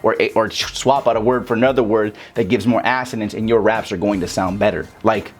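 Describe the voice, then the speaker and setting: A man's voice: lowish voice, steady tone, a little fast, a little hiss or hum. A young man giving a loose, casual rap lesson, cursing freely and breaking lyrics down vowel by vowel. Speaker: rap teacher. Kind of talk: casual tutorial talk.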